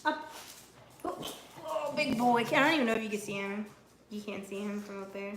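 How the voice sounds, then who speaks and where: In a bit of a bright, mid-range voice at normal speed, a young woman hosts a casual live-stream chat from home. She talks loosely with viewers, laughing often and cursing casually.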